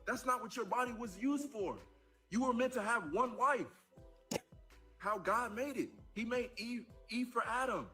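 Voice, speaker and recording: A man's voice: very high voice, a little slow, pushed and bright, faint music behind. A man preaching fervently in a played clip, stumbling into repetitions as he pushes his message. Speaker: athlete speaking in a clip. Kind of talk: impassioned preaching.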